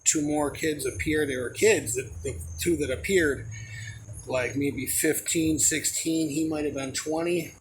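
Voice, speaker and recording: A young man casually telling a personal story in a rambling, profane, animated way, with a noisy background. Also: a little high, measured pace. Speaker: storyteller recounting a personal experience.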